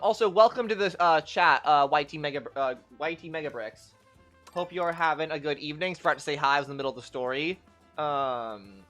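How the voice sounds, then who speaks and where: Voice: medium pitch, fairly bright tone. A young adult game streamer chatting casually with viewers on a livestream, telling a rambling story full of "like" fillers.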